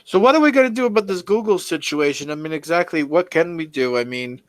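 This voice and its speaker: A man co-hosts a casual podcast stream, reading out viewer comments and hedging with frequent "I mean"s. His voice is smooth and clear, slightly high, and sounds dry and close to the mic. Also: animated, no room sound. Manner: slow, hedging, reads chat comments aloud. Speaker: podcast co-host. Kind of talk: casual livestream chat.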